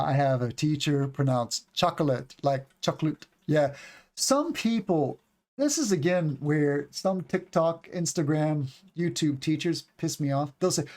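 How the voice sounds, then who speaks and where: A man's voice: a little high, a little mellow. An American man in his forties hosts a live English lesson, chatting loosely between answers to viewer questions. He wanders off topic easily and keeps repeating single words to demonstrate how they should sound. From United States. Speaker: English teacher.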